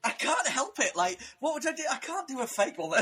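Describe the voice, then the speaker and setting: A Northern Irish man chats with a hearty, laugh-filled manner. His voice is high, bright and lively. Faint noise runs under the line. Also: fairly quick. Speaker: podcast co-host. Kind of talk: casual chat.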